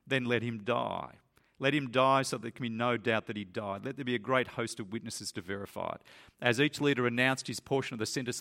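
An earnest man delivering a sermon with a middle-range voice. He leans into key lines and lets his pitch climb when he stresses a point. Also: vocal fry, a bit bright. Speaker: preacher. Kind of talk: sermon with a read-aloud story.

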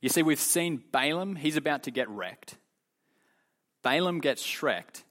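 A man leading a youth Bible lesson, telling the story in an animated, casual way full of slang. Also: on the high side, measured pace. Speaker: youth leader teaching.

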